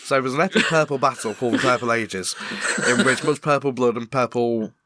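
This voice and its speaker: A man's voice: mid-range voice, brisk, sharp tone, slight background noise. A middle-aged man, a podcast co-host, telling a long comic shaggy-dog story to his friends and laughing through it. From Britain. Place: garage.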